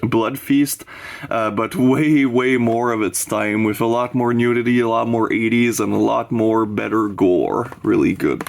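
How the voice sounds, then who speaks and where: A man's voice: medium pitch, gravelly, a little hiss or hum. A man in his twenties chatting casually and rambling, loose and jokey with lots of fillers. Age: 20s. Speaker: horror collector showing his shelves.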